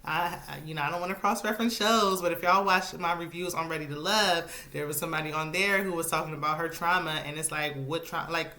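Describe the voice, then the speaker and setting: A slightly low-voiced woman chatting through a reality TV recap, opinionated and loose. She laughs often and fills her sentences with casual asides. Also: fairly even intonation, fairly quick, few pauses, sharp tone.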